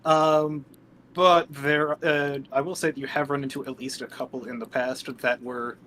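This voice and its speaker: A man's voice: mid-range voice, flat delivery, normal speed, fairly bright tone. A man explaining lore in a tabletop game, hesitant and full of fillers.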